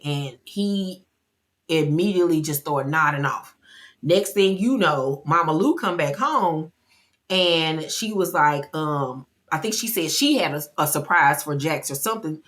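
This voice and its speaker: Woman, low voice, chatty show recap, expressive. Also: unhurried. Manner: chatty and expressive, acting out quotes. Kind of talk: casual episode recap.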